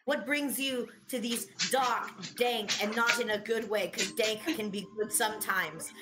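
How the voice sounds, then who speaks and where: A woman's voice: a little high, a little slow, very noisy, close to an everyday voice. A woman playing a flowery, formal noble.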